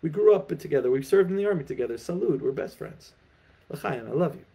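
A man's voice: on the high side, animated, quick pace, mellow, husky, voice pushed up. A man voicing a drunk male Russian peasant who defensively insists that he loves his friend. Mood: flustered.

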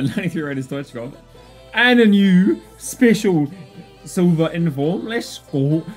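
A young man commentating a video game pack opening with excitable outbursts and groans, calling out to his viewers as lads. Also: on the high side, fairly quick, soft background music. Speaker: gaming YouTuber.

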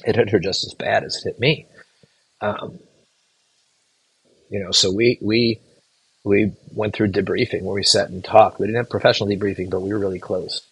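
A middle-aged man, a physician assistant educator, telling a case story to students in an earnest, halting way with restarted words. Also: lowish voice, fairly even intonation, husky, dry recording, poor audio.

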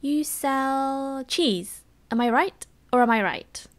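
A woman with a British English accent voicing a boastful big blue male genie spirit in a soft ASMR storybook reading, in whispered role-play. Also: high-pitched, expressive, a little slow. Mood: playful boasting. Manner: showy, teasing.

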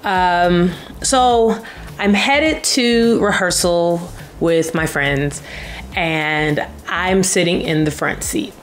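A young woman telling a travel story to camera in a casual, animated way, acting out voices. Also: fairly low pitch, extremely slow, slight background noise. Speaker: travel vlogger.

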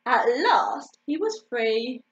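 A woman reads a children's picture book aloud, slow and expressive, stopping to ask little listeners questions. Her voice is very high and swoops with feeling, on a dull, lo-fi recording. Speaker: storytime reader.

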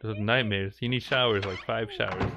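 A man streaming a game, telling a funny story in a playful, teasing, animated way. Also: fairly low pitch, moderate pace, gravelly. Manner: playful, animated, teasing, keeps saying "girl". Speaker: gaming streamer. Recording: steady background noise.

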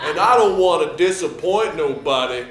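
A man's voice: fairly high pitch, animated, slight background noise, close to an everyday voice. A man playing a dim, earnest young football player in a comedy sketch, speaking in simple broken phrases. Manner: slow, simple broken speech. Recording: roomy studio echo.

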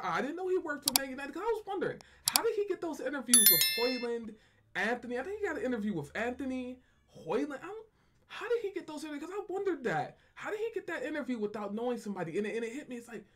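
A man hosting a fan channel, giving loose, casual reaction commentary and repeating himself as he talks. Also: high-pitched.

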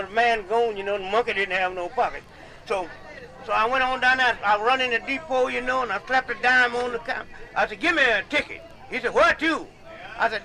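A man's voice: very high voice, sharp tone, low-quality recording. An older man, chuckling through a folksy comic tall tale at a medicine show, outdoors. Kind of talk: comic storytelling monologue.

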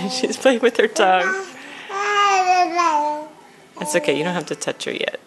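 A woman's voice: mid-range voice, sing-song, measured pace, heavy background noise. A young woman filming her baby at home, coaxing her to talk in a sing-song voice and often laughing.

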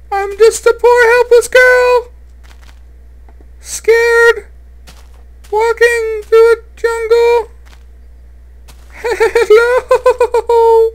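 A man voicing a scared, helpless young woman lost in a jungle, calling out loudly for help in a high falsetto. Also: heavy background noise, heavily acted.

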